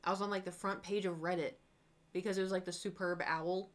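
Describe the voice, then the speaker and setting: A young woman streamer with a lowish voice chats briskly as she paints. She rambles through animated stories, acting out her earlier reactions and exclaiming her own quoted words.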